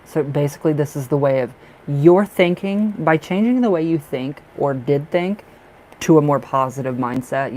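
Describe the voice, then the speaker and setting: A man doing a live tarot reading, chatty and excitable, who laughs often and fills his talk with restarts. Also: medium pitch, a little hiss or hum, rough recording. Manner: chatty, with many fillers and restarts. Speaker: tarot reader.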